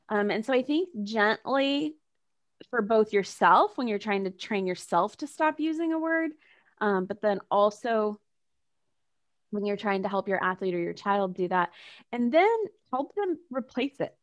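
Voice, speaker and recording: A woman hosting a casual conversation, animated and chatty, laughing easily and leaning on "like" as a filler. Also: medium pitch, a little slow. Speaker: podcast host.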